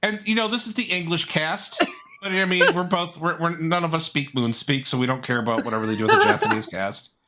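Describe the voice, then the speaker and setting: A man's voice: fairly high pitch, brisk, crowd noise. A man co-hosting a podcast in casual chat, rambling and repeating words as he builds his point. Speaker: podcast co-host.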